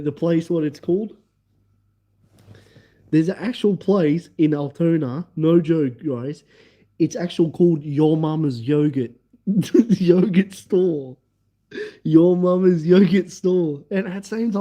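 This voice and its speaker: A man's voice: a little high, warm tone. A young man telling rambling stories on a casual live stream, laughing often and repeating the same filler words. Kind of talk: casual livestream storytelling.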